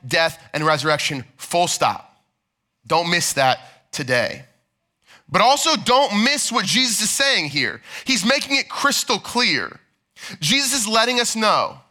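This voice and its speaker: Bright, high-voiced man preaching a sermon. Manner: earnest preaching, dropping to hushed tones then rising for emphasis. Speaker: pastor. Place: church sanctuary.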